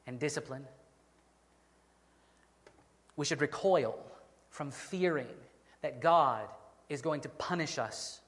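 A man preaching a sermon as pastor, earnest, slowing down to stress key phrases. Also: medium pitch, fairly bright tone, big-room sound.

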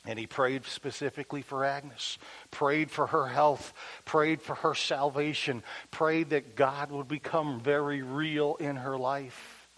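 A male preacher retelling a story in a sermon, animated and acting out each voice. He drops into a near hush at tender moments, his voice sitting a bit high for a man. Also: a little slow, low-quality recording.

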